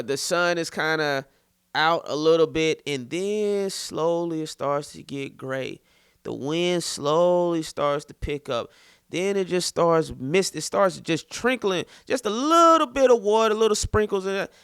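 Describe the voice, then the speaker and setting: Recorded in a clean studio with no room sound, a St. Petersburg, Florida comedian in his thirties spins a relaxed story on his podcast. His voice sits on the high side and moves slowly and smoothly, and he acts out quotes and repeats words in a loose, animated way.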